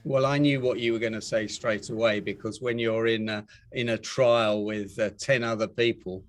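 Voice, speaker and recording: A man's voice: lowish voice, fairly even intonation, moderate pace. A man hosting an interview, chatting and asking leading questions. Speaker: interviewer host. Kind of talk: interview chat.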